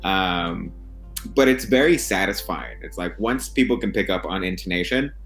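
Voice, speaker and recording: Low voiced guy teacher, chill, says like a lot. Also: moderate pace, faint music behind. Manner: relaxed, filler-heavy with many "like"s. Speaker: English teacher. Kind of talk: casual interview answer.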